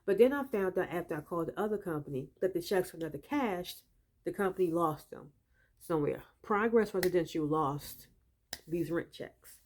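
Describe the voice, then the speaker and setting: A woman speaks in a somewhat low voice, telling of her trouble as a tenant in casual spoken testimony. She sounds emphatic and exasperated and leans on frequent fillers as she goes. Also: expressive, normal speed, a little mellow. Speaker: tenant telling of a dispute with a landlord.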